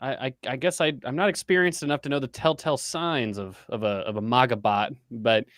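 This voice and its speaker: A man's voice: medium pitch, fairly even intonation, fairly quick, a bit bright, no room sound. Man, casual political chat, hesitant, dry close sound. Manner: hesitant, many restarts, laughs easily. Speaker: podcast co-host.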